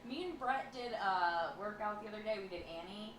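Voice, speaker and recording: A woman's voice: medium pitch, expressive, normal speed. A woman co-hosting a casual podcast, chatty and saying "like" a lot. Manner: chatty, says "like" often. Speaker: co-host. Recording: echoey room with clear background noise.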